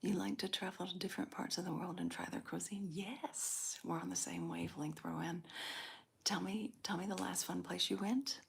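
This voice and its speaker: A woman hosting a live ASMR stream, chatting with viewers in a soft, calm whisper with small laughs. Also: lowish voice, moderate pace, vocal fry, husky. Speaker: ASMR livestream host.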